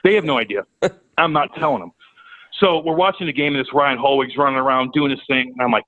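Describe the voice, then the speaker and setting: A man telling a profane, animated story as a podcast guest. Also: medium pitch, quick pace, no room sound, narrow, tinny audio. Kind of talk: casual storytelling.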